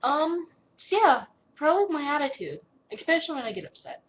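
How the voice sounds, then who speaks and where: A woman's voice: sits high, big pitch swings, fairly quick, dull audio, slight background noise. A seventeen-year-old girl, answering viewer questions in a casual vlog, blunt and swearing freely, acting out what people say in little put-on voices. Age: teens.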